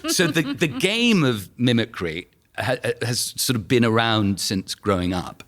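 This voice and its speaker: A London actor in his fifties, guesting on a podcast, tells casual anecdotes and laughs through them. His mid-range voice is fairly bright, with big pitch swings and a measured pace.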